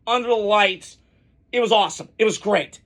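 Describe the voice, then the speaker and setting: High-voiced man giving sports takes. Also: normal speed, fairly bright tone. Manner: opinionated, rambling, frequent fillers and restarts. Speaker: college football podcast host. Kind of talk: casual solo sports commentary.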